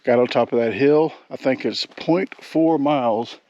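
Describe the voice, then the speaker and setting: A man's voice: medium pitch, a little slow, warm tone, dull audio. A man, out of breath while hiking a forest trail, talking to his vlog camera in a rambling, folksy way. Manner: rambling, self-correcting, folksy. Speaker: outdoor vlogger. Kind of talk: casual hiking vlog talk.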